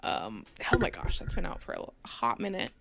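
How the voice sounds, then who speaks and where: A woman's voice: very deep voice, wildly swooping pitch, a little fast, creaky, noisy background. A young woman commenting casually over a game build, chatty and rambling with many fillers, sounding sleepy. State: sleepy, yawning. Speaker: gaming channel host.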